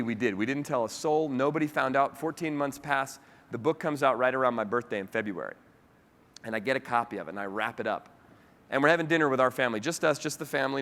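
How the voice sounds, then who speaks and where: A man giving a keynote speech, telling a personal story with feeling and acting out the voices of the people in it. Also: mid-range voice. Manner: lively storyteller who acts out quoted dialogue. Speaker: keynote speaker. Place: large hall with a live audience. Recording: long hall reverb.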